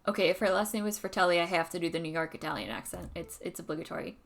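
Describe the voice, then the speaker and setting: A woman's voice: on the low side, racing, vocal fry, hardly any pauses, slight background noise. A young woman streamer giving casual game commentary with chatty, joking asides.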